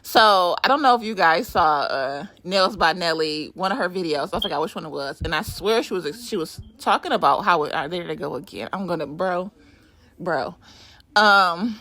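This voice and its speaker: A middle-aged woman giving a casual, animated voiceover for a nail art vlog, laughing and swearing as she chats from a room at home. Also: lowish voice, a little fast, no echo.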